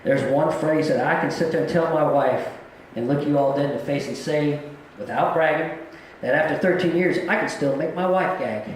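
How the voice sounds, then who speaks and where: A man's voice: on the high side, moderate pace, a little hiss or hum. Folksy middle-aged man in an echoey club. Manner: folksy, storytelling, plain-spoken. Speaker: stand-up comedian. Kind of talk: live stand-up set. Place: comedy club stage.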